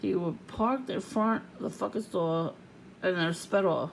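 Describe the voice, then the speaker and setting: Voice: mid-range voice, moderate pace, vocal fry, slight background noise, low-quality recording. An adult vlogger venting in a casual, profane rant to the camera, laughing often.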